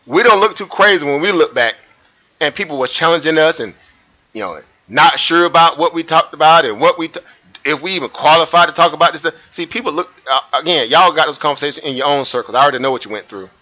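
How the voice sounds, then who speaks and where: A man hosts a live trading stream, pointing out lines on a chart and asking viewers rhetorical questions. His voice is bright and pushed, set a little high. The stream audio sounds muffled and lo-fi. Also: quick pace. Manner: animated, repeats himself, asks viewers rhetorical questions. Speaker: trading livestream host. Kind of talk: live market commentary over a chart.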